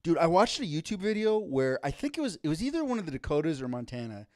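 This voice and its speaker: A man's voice: on the high side, fast talker, dry recording, studio quality. A man co-hosting a casual comedy podcast, telling stories and acting out quotes. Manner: animated storytelling, acts out quotes. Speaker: podcast co-host.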